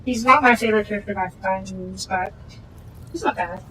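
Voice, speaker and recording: A woman playing a video game and giving casual, relaxed, wry commentary as she goes. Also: medium pitch, a little fast, a little hiss or hum, low-quality recording. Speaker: game streamer. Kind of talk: casual let's-play commentary.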